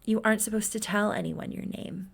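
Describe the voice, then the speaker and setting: A woman's voice: mid-range voice, steady tone, brisk, vocal fry. A woman voicing an evasive young woman in a mask, coy and dismissive.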